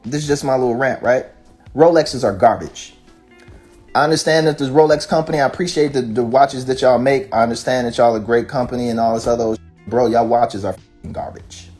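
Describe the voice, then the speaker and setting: Male rapper, mid-pitched voice, heated profane rant full of rhetorical questions, faint music underneath. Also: a little fast, darkish tone. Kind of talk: casual rant.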